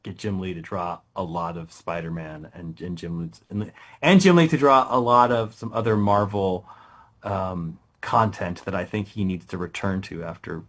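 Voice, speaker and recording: A man, a guest writer in a casual interview, telling stories with lots of restarts, quick laughs and rising excitement. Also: sits low. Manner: animated storytelling, many restarts, laughs often.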